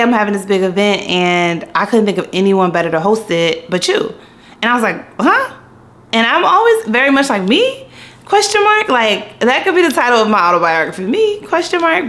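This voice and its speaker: Candid, chatty woman from Philly; casual vlog to camera, mid pitch. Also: fairly bright tone. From Philadelphia. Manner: chatty, candid, playful quoting voices. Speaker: vlogger.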